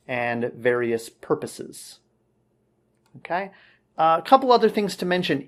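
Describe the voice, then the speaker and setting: A man's voice: mid-range voice, slow, long pauses. A man works through feedback on a student's speaking answer in an easy, explanatory way. He stops often to check in and sounds out tricky words with care. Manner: relaxed, explanatory, says okay often. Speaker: English teacher. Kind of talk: spoken feedback lesson.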